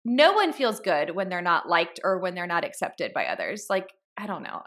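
A woman's voice: fairly low pitch, big pitch swings, moderate pace, a bit bright. A woman co-hosting a podcast, talking in an earnest, reflective way. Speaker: podcast co-host. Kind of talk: casual chat.

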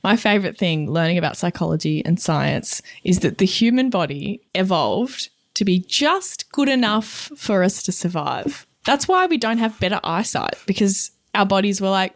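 A woman's voice: fairly low pitch, fairly quick, no room sound, clean studio sound. A woman career coach co-hosting a podcast, chatting casually in a playful, giggly way. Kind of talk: casual chat.

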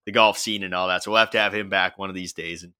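A man's voice: sits low, fairly even intonation, fast, bright, forceful tone, smooth, dry recording. A man hosting a casual podcast, chatting and swearing loosely before wrapping up the episode. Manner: casual, swearing, wraps up the show. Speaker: podcast host. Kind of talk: casual chat.

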